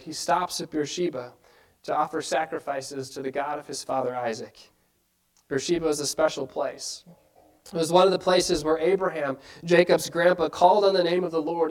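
High-voiced man preaching a sermon. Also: normal speed, poor audio. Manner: earnest, asks many rhetorical questions.

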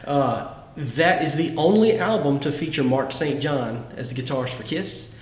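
This podcast host has a fairly high-pitched voice and talks at a normal speed. He's excited as he casually discusses favorite songs, frequently starting sentences over. Faint noise sits behind him in an echoey room.

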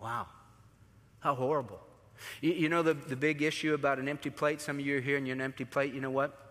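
Pastor type, male, preaching with bright energetic delivery in a reverberant hall. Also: medium pitch, fast. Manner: animated, acts out voices in his stories. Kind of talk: sermon.

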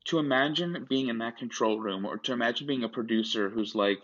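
A man's voice: mid-range voice, fairly quick, hardly any pauses, a bit bright. A man co-hosting a podcast in casual chat, rambling with many restarts and asides. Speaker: podcast co-host. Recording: dull lo-fi sound.

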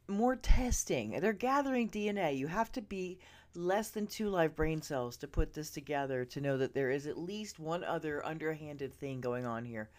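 A woman with a fairly low voice rants at her podcast listeners, her pitch leaping all over the place. She swears freely and jumps between loud outbursts and hushed, confiding asides, as if speaking right into their ears. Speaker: podcast host. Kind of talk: ranting opinion monologue. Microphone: earbud listeners, close mic.

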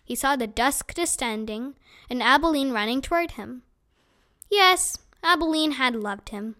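Bright-voiced lady reading a kids book aloud, expressive, high voice. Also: measured pace. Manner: clear, expressive storytelling. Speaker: storyteller.

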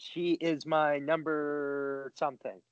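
A man's voice: fairly high pitch, flat delivery, slow pace, clean tone. A man co-hosting a casual podcast, cracking dry jokes. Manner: dry, wisecracking. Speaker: podcast co-host. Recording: dry, dull lo-fi mic.

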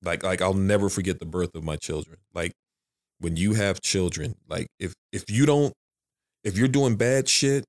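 A man's voice: low-pitched, normal speed. A man who is a father of three, talking frankly and emphatically in a casual podcast conversation, repeating his phrases as he goes.

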